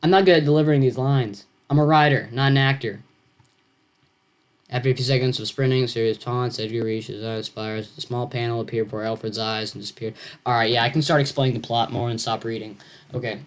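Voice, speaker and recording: A man's voice: mid-range voice, steady tone. A teenage boy reading his own science fiction story aloud, stopping often to comment and explain. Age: teens. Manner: halting, self-interrupting, comments on own text.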